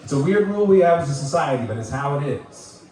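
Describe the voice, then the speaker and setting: A man's voice: a little high, expressive, quick pace. A man from the United States telling a stand-up story to a live crowd, loose and laughing as he talks. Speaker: stand-up comedian. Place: bar with live audience. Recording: echoey venue, crowd noise, mic at a distance.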